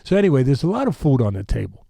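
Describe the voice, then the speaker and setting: A man in his sixties from New York tells a long story in a warm, low voice, drifting into asides. The recording is dry and close, a podcast studio mic with no room sound. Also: big pitch swings, racing, vocal fry, dry recording. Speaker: boxing trainer, podcast guest. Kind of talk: animated storytelling.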